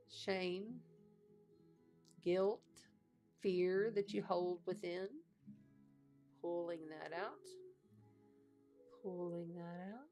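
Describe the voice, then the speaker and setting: A woman's voice: medium pitch, fairly bright tone. A woman with a Texas twang, giving a casual, encouraging card reading with playful asides to her viewers. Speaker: astrologer and card reader.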